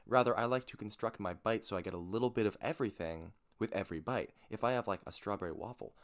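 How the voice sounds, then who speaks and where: A man with a lowish voice talks fast while co-hosting a podcast. His casual chat is enthusiastic and rambling.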